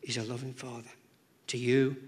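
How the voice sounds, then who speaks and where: A man's voice: medium pitch, flat delivery, normal speed, darkish tone. A man preaching a sermon to a congregation, emphatic and rhythmic, often repeating words and phrases as he builds his points. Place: church.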